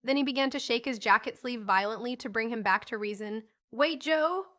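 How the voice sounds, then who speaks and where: A woman narrates a classic children's novel for an audiobook. Her voice is bright and fairly high, and her reading is lively and expressive. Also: brisk.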